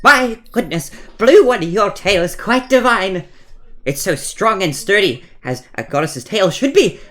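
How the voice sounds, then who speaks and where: A woman's voice: medium pitch, unhurried. A woman doing a fawning, grandly humble little kobold. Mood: flattering. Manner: grandly flattering, overly humble.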